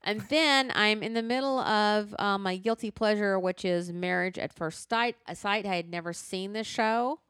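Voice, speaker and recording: A woman's voice: medium pitch, normal speed, hardly any pauses, clean tone, dry recording, clean studio sound. A woman co-hosting a podcast in casual chat, talking frankly and animatedly about what she is watching. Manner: animated, frank, uses y'all and slang. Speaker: podcast co-host. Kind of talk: casual chat, recommending shows.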